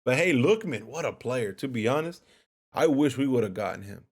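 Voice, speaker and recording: A man's voice: mid-range voice, lively intonation, moderate pace, a little mellow. A man giving a heated post-match rant as a football fan vlogger, repeating himself as he fumes. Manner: heated, repetitive ranting.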